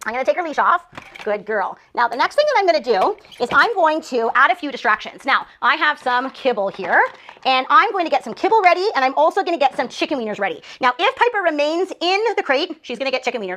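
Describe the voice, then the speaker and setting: A woman's voice: fairly high pitch, sharp tone. A woman dog trainer explaining a demonstration and cooing upbeat praise to a puppy.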